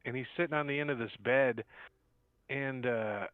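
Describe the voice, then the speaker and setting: A man's voice: mid-range voice, moderate pace, clean tone, no echo. A man running a tabletop game as game master, narrating scenes in a rambling, laid-back way. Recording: tinny, dry phone-like line.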